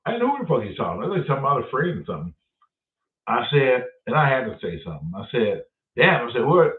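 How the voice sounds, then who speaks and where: A man's voice: mid-range voice, big pitch swings, quick pace. A man hosting a casual live stream, telling stories with a lot of swearing and chatting to viewers by name. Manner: profane, storytelling, reads out chat names. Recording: roomy, distant, phone-like audio.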